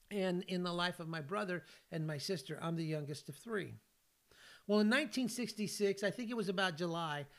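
A California man in his sixties, a podcast host and ministry leader, tells personal stories on his faith podcast in an earnest, folksy manner. His voice is high-pitched and a bit bright.

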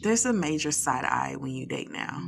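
A woman's voice: low-pitched, animated, normal speed, gravelly. A woman co-hosting a podcast, talking candidly in casual chat and telling stories with animation. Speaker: podcast co-host. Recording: guitar music playing behind.

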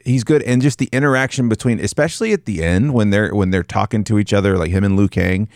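A man's voice: lowish voice, quick pace, a little mellow, dry recording, studio quality. A man chatting casually about a movie as a podcast co-host, rambling loosely and swearing freely.

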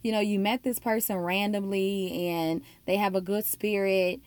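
A woman's voice: medium pitch, steady tone, moderate pace, a little mellow, clear, resonant tone, no echo. Earnest woman sharing a faith story. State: emotional, near tears. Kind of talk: personal faith testimony.

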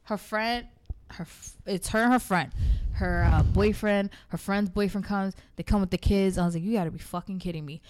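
A woman's voice: medium pitch, moderate pace, a little hiss or hum. A woman co-hosting a casual chat, telling a story with lots of swearing and acted-out quotes. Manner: animated, swears freely, acts out quotes.

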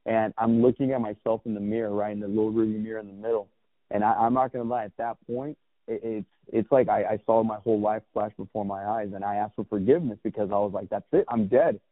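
A lowish, flat-sounding voice at a quick pace belongs to a clothing brand founder in his thirties, here as a guest telling a personal story. He's open and rambling, often restarting and cursing, captured in a dry, tinny, phone-like recording.

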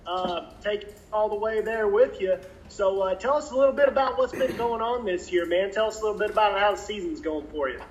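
A man's voice: high voice, fairly quick, few pauses, lo-fi sound, a little hiss or hum. A man co-hosting a live drag racing stream, reading viewer comments in a loose, chatty way. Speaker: livestream co-host. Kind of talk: casual live show chat.

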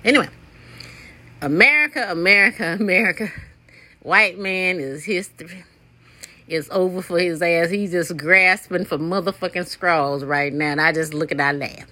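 A woman in her sixties hosting a podcast as a casual, rambling solo monologue, blunt and profane, jumping between topics and leaping up in pitch to stress a point. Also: steady tone, normal speed, pushed and bright. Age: 60s. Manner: sudden jumps up in pitch for emphasis. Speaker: podcast host.

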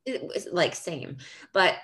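A woman in casual chat, telling stories in a loose, animated way, laughing often and swearing freely. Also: lowish voice, slow pace.

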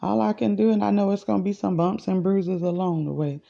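A woman's voice: medium pitch, fairly even intonation, brisk, creaky, warm tone, lo-fi sound. A woman hosting a podcast, rambling in a chatty, casual way as she speaks straight to her listeners. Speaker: podcast host. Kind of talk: casual spiritual monologue.

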